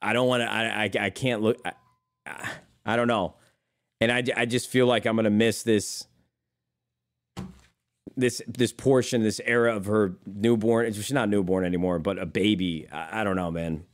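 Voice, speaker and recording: A man's voice: on the low side, steady tone, normal speed. A young man streaming live, chatting casually with viewers in a rambling way, swearing freely and calling them brother.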